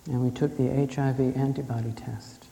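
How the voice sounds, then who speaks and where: A man telling a personal story in a calm, reflective way before an audience. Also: medium pitch, moderate pace, gravelly. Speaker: speaker. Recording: echoey hall with faint ambience.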